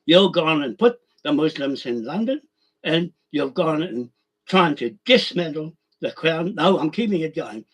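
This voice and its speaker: A man's voice: fairly high pitch, breathy edge. A man in a rambling, angry monologue, swearing and calling out listeners directly. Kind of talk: ranting monologue.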